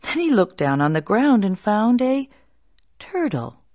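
A woman telling a folk tale in an expressive, drawn-out way, hushing at tense moments. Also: mid-range voice. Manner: expressive, drawn-out, hushed at suspense. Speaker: storyteller.

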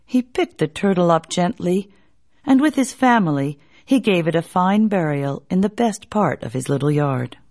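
A woman telling a folk tale in an expressive, drawn-out way, hushing at tense moments. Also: lowish voice. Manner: expressive, drawn-out, hushed at suspense. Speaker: storyteller.

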